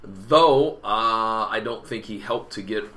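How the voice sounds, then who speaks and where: A man's voice: lowish voice, slow, pushed and bright. A man in casual chat, telling a story animatedly and acting out the quotes.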